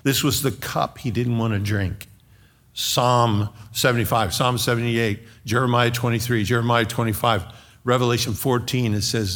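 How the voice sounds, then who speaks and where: A man preaching a sermon, slow and dramatic, rising to loud outbursts when quoting scripture. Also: medium pitch, fairly even intonation, creaky.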